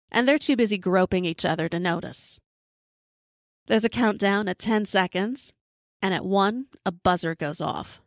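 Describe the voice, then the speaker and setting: Woman spinning a funny story about her night, dry sarcastic delivery, swears a lot, close dry mic, mid pitch. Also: dry recording. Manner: sarcastic, deadpan, profane. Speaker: podcast host and storyteller. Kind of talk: comedic personal storytelling.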